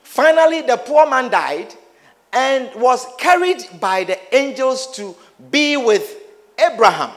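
A man delivers a sermon in a strikingly high voice that rises and falls with great liveliness. He keeps calling out to his congregation with questions and playful teasing, speaking in an animated way throughout. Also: slow pace. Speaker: preacher.

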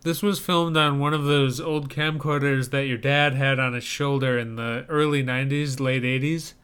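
A man in relaxed podcast banter with a smooth, resonant voice. He talks loosely, filling gaps with likes and ums. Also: medium pitch, normal speed. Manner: conversational, lots of likes and ums. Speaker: podcast co-host reviewing trailers. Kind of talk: casual chat.

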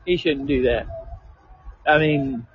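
An older man in casual chat, blunt and folksy, talking roughly and laughing often. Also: medium pitch, takes it slowly, slight background noise. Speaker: conversation partner. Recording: lo-fi recording with faint music.

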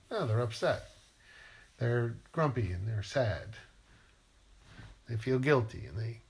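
A man, a writer, musing playfully in a rambling monologue and asking himself questions aloud. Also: medium pitch.

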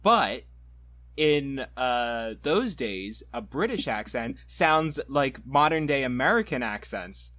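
A man's voice: mid-range voice, big pitch swings, takes it slowly, bright, forceful tone, no echo. A man hosting a podcast, chatting in a wry, easygoing way. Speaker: podcast host. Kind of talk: casual chat.

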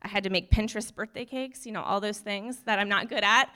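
A young woman tells a personal story to a church group, her voice sitting at an ordinary middle pitch. She rambles nervously and keeps laughing at herself. She talks like a nurse chatting casually. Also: expressive, moderate pace. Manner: nervous, rambling, laughs often, self-deprecating. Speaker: nurse sharing a testimony. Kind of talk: personal testimony talk.

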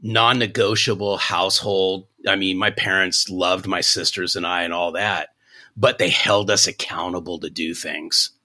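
A man in his fifties, a sales coach guest on a podcast, telling a story in an animated, folksy way. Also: sits low, moderate pace. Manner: animated, restarts sentences, folksy.

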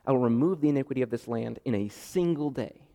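A man preaching a sermon, animated and acting out the dialogue with sudden jumps in pitch and loudness. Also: quick pace, creaky. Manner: animated, acts out the dialogue with rising pitch and volume. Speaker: pastor. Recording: long reverb of a hall.

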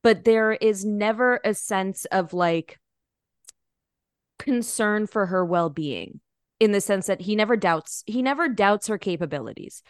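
An American woman in a loose podcast chat, her mid-pitched voice recorded close and dry with almost no room sound. She talks in bursts, stumbling and restarting, piling on fillers as her thoughts catch up. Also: animated, a little slow, smooth, no room sound. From United States. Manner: chatty, hesitant, many restarts and fillers. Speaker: podcast co-host or guest. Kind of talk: casual film discussion.

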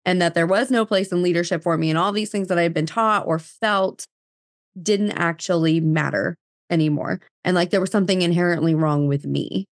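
A woman's voice: lowish voice, fairly quick, dry recording, clean studio sound. A woman in her thirties from New Jersey, a podcast guest telling her story in casual chat full of fillers and quoted dialogue.

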